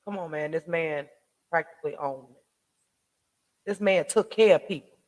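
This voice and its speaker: A man with a fairly high voice hosts a casual commentary vlog from a home desk mic. He rants in slangy, profane street talk, firing off rhetorical questions. He stumbles into frequent restarts as he talks. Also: normal speed. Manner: emphatic, ranting rhetorical questions. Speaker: online commentary host. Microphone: home desk mic with soundboard.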